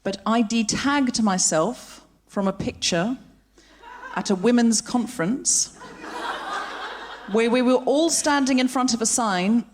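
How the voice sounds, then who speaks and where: A woman hosting a live comedy podcast on stage, reacting quickly and teasing her guest in a dry way. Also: a little high, darkish tone, a little hiss or hum. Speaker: podcast host.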